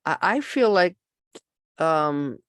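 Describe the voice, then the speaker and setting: A woman's voice: low-pitched, expressive, takes it slowly, no echo, studio quality. A woman co-hosting a casual conversation, frank and opinionated, thinking aloud as she goes. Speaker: co-host.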